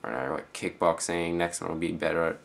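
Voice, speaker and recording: A teenage boy with an Australian accent, rambling casually in a vlog reply with lots of fillers and quiet trailing-off phrases. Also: deep voice, fairly even intonation, quick pace, creaky. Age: teens. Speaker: student vlogger.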